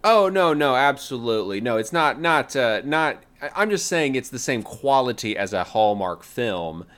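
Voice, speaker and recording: Lively, emphatic male podcast host. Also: mid-range voice, normal speed, clear, resonant tone. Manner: emphatic, repeats himself, lively asides. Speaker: podcast co-host reviewing trailers. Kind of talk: casual chat.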